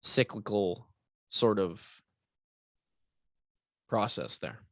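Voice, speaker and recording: Extremely slowly, with big pitch swings, a man with a lowish, fairly bright voice hosts his fitness podcast alone, recorded with no echo. Tired and yawning, he talks casually, restarting lines, adding asides and often tagging on "right?"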